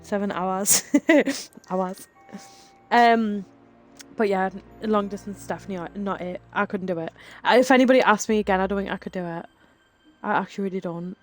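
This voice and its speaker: A woman's voice: medium pitch, brisk, faint music behind. A woman in her twenties with a Geordie accent, chatting casually as a livestreamer and reading viewer messages aloud with lots of "like" and giggles. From North East England. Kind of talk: casual chat while reading live chat.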